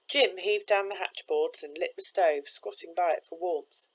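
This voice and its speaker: A woman, a teacher, reading a children's novel aloud with steady, expressive narration. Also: lowish voice, moderate pace, slightly rough, rough recording.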